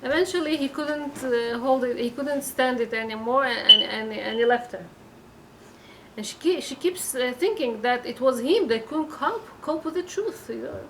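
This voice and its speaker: Woman teacher, slightly high voice, halting earnest advice full of fillers, faint background hiss. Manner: halting, with many fillers and restarts; earnest, advising listeners. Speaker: religious teacher giving a weekly class. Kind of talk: informal Torah class.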